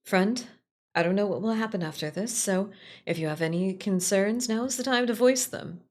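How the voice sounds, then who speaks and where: A woman's voice: mid-range voice, moderate pace, pitched above the performer's own voice, natural voice. A woman reading aloud as a female royal scholar who confides a plot to a friend, speaking fondly and wistfully. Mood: urgent.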